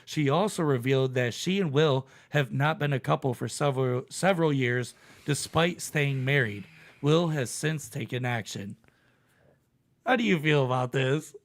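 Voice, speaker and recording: A man's voice: mid-range voice, normal speed. A man hosting a podcast, telling a story in casual, profane chat. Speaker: podcast host.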